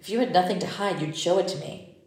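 A woman's voice: on the low side, quick pace, darkish tone, lightly acted. A woman voicing a jealous, controlling husband. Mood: suspicious. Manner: suspicious and demanding. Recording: roomy echo.

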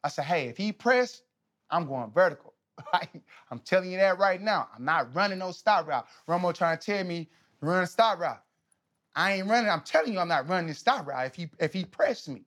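A man in his thirties, a podcast guest, telling stories in a casual, animated, slangy way, often laughing. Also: high voice, a little fast. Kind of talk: casual storytelling.

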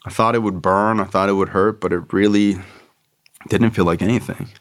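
Low-ish guy on a podcast, slangy and swearing, says "like" constantly. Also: fairly even intonation, moderate pace, a bit bright. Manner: slangy, profane, fills with "like", acts out friends' voices. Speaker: podcast host. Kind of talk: casual personal storytelling.

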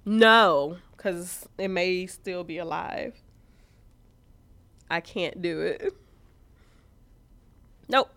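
A woman co-hosting a podcast, chatting casually and telling stories in an animated, profane way. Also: on the low side, drawn-out words, long pauses, no room sound. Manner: profane, animated storytelling with frequent laughs. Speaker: podcast co-host. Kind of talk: casual chat.

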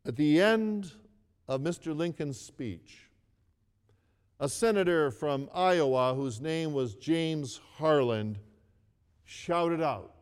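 Brief: male preacher, slow and earnest storyteller, slightly high voice, reverberant hall sound. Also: expressive, clear, resonant tone. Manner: earnest storytelling, repeats phrases, asks the listeners to read along. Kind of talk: sermon.

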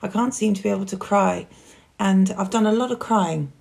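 A woman's voice: medium pitch, normal speed, gravelly, a little mellow. A woman, a podcast guest, telling her own story in a candid, reflective way. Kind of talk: personal conversation.

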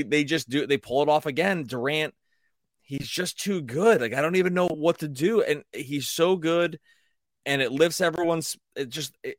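A man co-hosting a casual sports podcast, excitable, often repeating words and laughing. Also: medium pitch, dry recording, studio quality. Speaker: podcast co-host.

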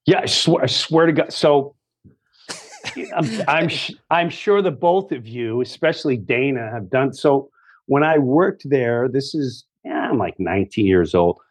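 A comedian guest in his fifties from Long Island tells a story in casual chat, medium-pitched and at a measured pace. He's animated, acting out other people's voices and swearing and laughing often.

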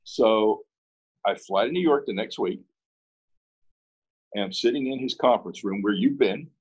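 Husky man telling a lively story. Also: on the low side, normal speed, highs cut off. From Pittsburgh. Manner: animated, acts out both sides of dialogue. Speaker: guest. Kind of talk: casual storytelling in an interview.

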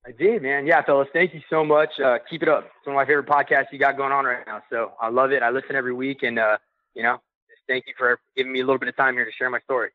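A young man tells a story fast and eagerly, full of casual slang. He is calling in, so his voice comes through a tinny phone line. The sound is dry and close. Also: medium pitch, no room sound. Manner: excited, quick, loose slang. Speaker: podcast caller sharing a story. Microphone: phone call.

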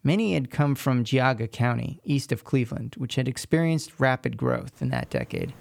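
A man narrating a radio news feature in a measured, scripted reporting style. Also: medium pitch, big pitch swings, creaky.

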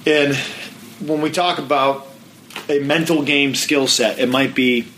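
A man hosting a podcast, talking as a mental game coach in an energetic, emphatic, plain-spoken way. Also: medium pitch, unhurried, a little hiss or hum, low-quality recording. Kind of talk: motivational coaching talk.

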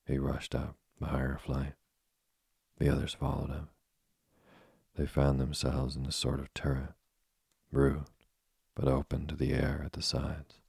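A man narrating a storybook in a steady, measured reading. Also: extremely low pitch, creaky, husky, no room sound, clean studio sound. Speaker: audiobook narrator.

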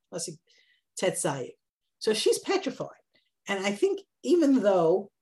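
A woman teaching a Bible class, lively and conversational, jumping up high when she acts out quotes. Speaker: Torah teacher.

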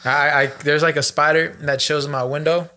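A man's voice: on the high side, level tone, a little fast, pushed and bright. A man co-hosting a podcast in casual chat, joking and teasing with plenty of swearing. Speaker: podcast co-host.

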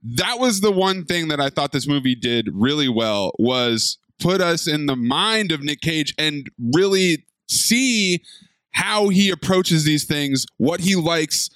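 A man in a casual podcast chat speaks earnestly and with enthusiasm. His voice is a little high. The recording is close and dry. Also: expressive, slow, fairly bright tone, no room sound.

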